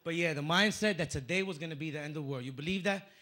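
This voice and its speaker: A man from the Dominican Republic doing a stand-up comedy set on a club stage into a handheld mic, telling stories with punchy, animated delivery. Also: a little high, fast. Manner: punchy, animated storytelling with acted-out voices.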